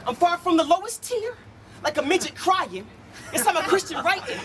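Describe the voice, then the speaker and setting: Before a live crowd, a battle rapper performs Christian battle rap in a rhythmic, preachy style built around punchlines. His voice is extremely high and animated, at a moderate pace, with crowd noise in the background.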